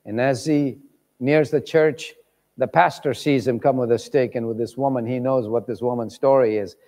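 A man preaching a sermon, telling stories with lively voices for the people in them. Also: mid-range voice, normal speed. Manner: animated, acts out voices in stories. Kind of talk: sermon storytelling. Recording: long reverb of a large hall.

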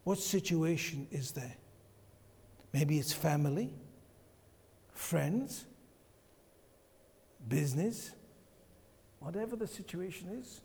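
A man's voice: a little high, animated, slow pace, gravelly, long pauses, warm tone, husky. A man preaching a sermon to his congregation, emphatic and repeating his key phrases. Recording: long hall reverb.

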